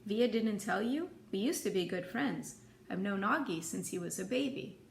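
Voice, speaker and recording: A woman reading aloud and doing a self-assured teenage girl, easygoing and knowing. The voice has a gravelly edge, in an echoey room with a faint hiss behind it. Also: mid-range voice, lively intonation, normal speed. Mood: casual. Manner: casual, knowing.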